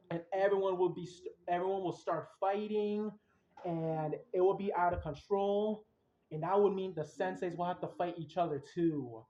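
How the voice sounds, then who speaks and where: A young man hosting a podcast, excitedly retelling events in a rambling, casual way with slang. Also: high-pitched. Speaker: podcast host. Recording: roomy, dull lo-fi sound.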